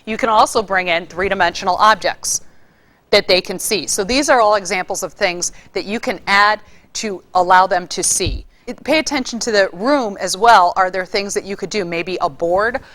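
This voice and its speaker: Lively woman teaching vocal delivery. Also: mid-range voice, moderate pace. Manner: lively, demonstrates vocal delivery with varied emphasis. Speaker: public speaking instructor. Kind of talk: casual spoken lesson.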